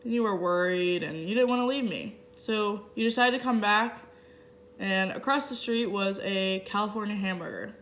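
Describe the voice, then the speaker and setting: A woman interpreter voicing a signer's first-person story aloud in short, halting phrases with restarts. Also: mid-range voice, fairly bright tone. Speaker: sign language interpreter.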